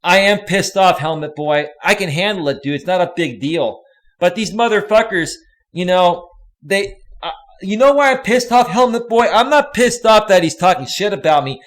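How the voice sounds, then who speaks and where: Guy on a live stream cussing nonstop, fairly high voice, talks right at his chat. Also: animated, normal speed, fairly bright tone. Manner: profane, swearing constantly; speaks directly to chat viewers by name. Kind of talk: angry live stream rant.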